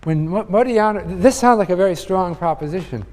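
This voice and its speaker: A man's voice: sits high, brisk, a little mellow, slight background noise. Older male professor in a reverberant hall. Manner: conversational, thinking aloud with many fillers and restarts. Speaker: economics professor. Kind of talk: university lecture. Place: large lecture hall. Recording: lecture hall with long reverb.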